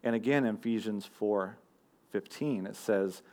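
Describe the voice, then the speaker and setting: A man's voice: lowish voice, unhurried, a little mellow. A young man giving a sermon in a conversational, storytelling way, with fillers and self-deprecating asides. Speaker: college group teacher and preacher. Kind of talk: casual sermon.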